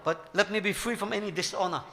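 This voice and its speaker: An older man, a Hindu spiritual teacher, preaches a devotional sermon to his devotees, emphatic and packed with rhetorical questions. His voice is high, bright and pushed, and he speaks at a quick pace.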